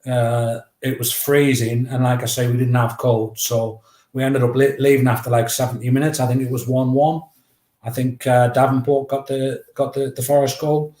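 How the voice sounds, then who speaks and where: A middle-aged man, telling a story at a mid pitch in a lively, casual way and acting out each bit of dialogue. His voice carries a roomy echo. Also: moderate pace. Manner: lively, anecdotal, acts out dialogue. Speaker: guest, memoir author.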